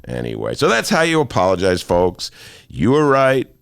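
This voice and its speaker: A man's voice: deep voice, huge pitch swings, moderate pace, vocal fry, clear, resonant tone, dry recording. A man hosting a talk show in a studio, joking and self-mocking in a playful monologue. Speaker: host.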